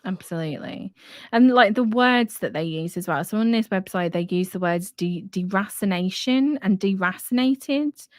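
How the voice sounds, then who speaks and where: A woman's voice: mid-range voice, lively intonation, moderate pace, no echo, studio quality. A young woman from near London with an Estuary English accent, hosting a casual live chat in a frank, chatty way. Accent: Estuary English, London area. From England, near London. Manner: chatty, frank, laughs easily, swears casually. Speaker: podcast host. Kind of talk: casual live-stream discussion.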